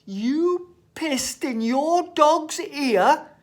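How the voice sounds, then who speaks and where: A man putting on a prim woman teacher, her pitch lifted and her questions rising in disbelief. She is louder and higher than the storyteller's own voice. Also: very animated, slow pace, exaggerated voice. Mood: incredulous. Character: startled, prim female schoolteacher.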